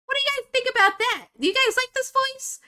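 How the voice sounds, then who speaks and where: A woman putting on the voice of an excitable, bratty middle-school-age girl, loud and fast. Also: very high-pitched, voice pushed up. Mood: hyper. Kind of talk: live stream.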